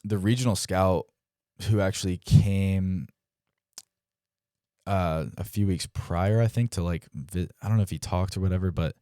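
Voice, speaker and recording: A man's voice: low voice, unhurried, no echo, clean studio sound. A young man in his twenties, a pro baseball player and podcast guest, telling stories in a casual way and acting out quoted dialogue, with a lot of "like". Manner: animated, acts out quoted dialogue, frequent "like". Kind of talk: casual storytelling.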